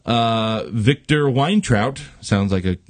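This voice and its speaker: A man hosting a podcast in casual chat, reading jokes aloud, laughing often and pausing on fillers. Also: mid-range voice, animated, dry recording. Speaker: podcast host.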